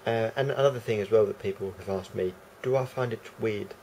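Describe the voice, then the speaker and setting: A man's voice: fairly low pitch, a little fast, darkish tone, slight background noise, rough recording. A man with a London accent rambling unscripted to camera, hesitant and full of fillers. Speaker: vlogger. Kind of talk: casual unscripted monologue to camera.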